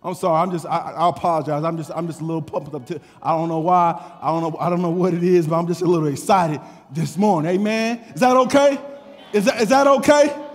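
A man preaching a sermon, fervent and stammering, breaking into shouts, recorded in an echoey church. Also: on the high side, fairly even intonation, quick pace, few pauses. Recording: echoey church hall with music.

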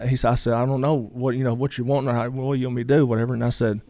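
Man, middle-aged, rambling storyteller, rapid delivery, dry close sound. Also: medium pitch, little pitch movement, dark tone, no echo. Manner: rambling, many fillers, quotes others in dialogue. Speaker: guest. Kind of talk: casual storytelling.

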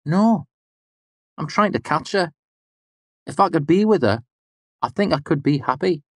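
A man's voice: a little high, lively intonation, unhurried, slightly rough, no echo, clean studio sound, pitched above the performer's own voice, heavily acted. A man voicing a weary, clever young wanderer who speaks tersely and guardedly. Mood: earnest.

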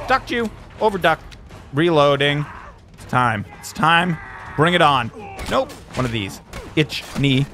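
A man's voice: fairly high pitch, animated, measured pace, soft background music. A man commentating his own gameplay, chatting casually and taunting enemies in playful bursts. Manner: playful trash talk to enemies, bursts of shouting in fights. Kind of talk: let's play commentary.

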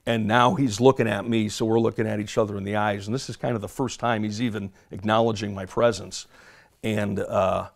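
Gravelly low-voiced man recounting a scene. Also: steady tone, fairly quick. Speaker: former first responder. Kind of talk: recounted testimony in an interview clip.

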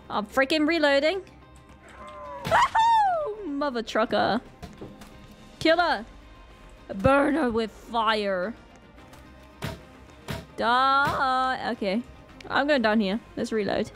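A Northern Irish woman narrates her gaming session with a high, swooping voice that leaps all over the place, yelping in alarm as things go wrong. She drawls out her words unhurriedly between the outbursts, with faint game music behind her. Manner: excitable, frequent panicked exclamations. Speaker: gaming channel host. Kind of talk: live gameplay commentary.

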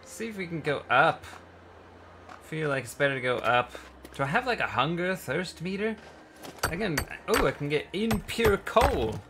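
A man commentating a survival building game as he plays, excitable and quick to yelp in panic or laugh at mishaps. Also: on the high side, noisy background. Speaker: gaming channel host. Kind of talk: let's play commentary.

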